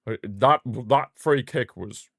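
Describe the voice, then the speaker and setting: A young man streaming a live football watchalong, chatting as a fan and shouting when his team scores. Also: mid-range voice, takes it slowly, creaky, dry recording, clean studio sound. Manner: excitable fan, bursts into shouting at goals. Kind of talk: live match watchalong commentary.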